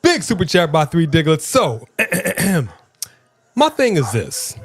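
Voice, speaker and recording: A man's voice: fairly high pitch, slow pace, slightly rough, no room sound. A man co-hosting a live stream, chatting casually and playfully reading out viewer comments. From Southern California. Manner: energetic, playful, reads chat aloud.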